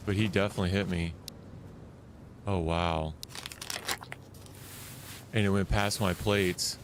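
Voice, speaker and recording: A man streaming a survival shooter live, talking loosely and excitedly as he plays, often restarting his sentences. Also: low-pitched, slow, background noise. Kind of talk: live gameplay commentary.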